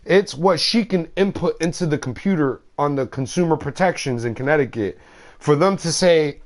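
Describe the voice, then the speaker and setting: A man's voice: fairly high pitch, normal speed. A man streaming a game, chatting casually in a slangy, rambling way and swearing freely. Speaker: gaming streamer.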